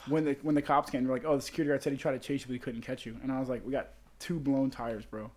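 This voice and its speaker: A man's voice: mid-range voice, flat delivery, racing, darkish tone. A young man telling rambling, profane stories to friends in a casual chat, laughing at his own jokes.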